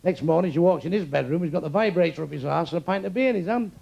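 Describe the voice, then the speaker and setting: A man's voice: a little high, very fast, vocal fry, dark tone, lo-fi sound. An older man doing crude stand-up, teasing audience members with insults and one-liners. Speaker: stand-up comedian. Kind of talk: stand-up crowd work. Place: comedy club stage. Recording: noisy live club recording. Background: audience laughter.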